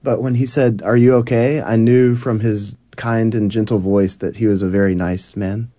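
A man's voice: fairly low pitch, fairly even intonation, moderate pace, mellow, no room sound. A man interpreting a young woman's personal story into English for radio.

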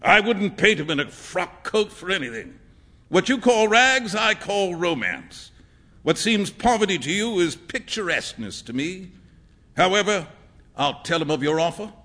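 A man's voice: sits high, big pitch swings, normal speed, sharp tone, heavily acted. A man voicing a jovial male painter in a storybook reading, with a theatrical, amused delivery. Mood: airy. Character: jovial wealthy-world male painter, teasing.

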